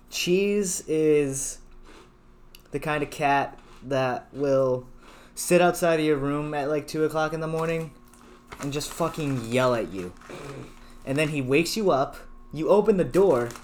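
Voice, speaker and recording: A man's voice: on the high side, a little mellow. A young man on a podcast grumbling wryly and swearing. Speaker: podcast co-host. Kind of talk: casual chat.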